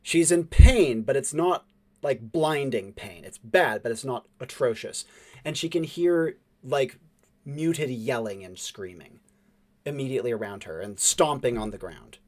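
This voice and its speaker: A man running a tabletop role-playing game as game master, describing scenes with fillers and hushed dramatic drops. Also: mid-range voice, animated, unhurried.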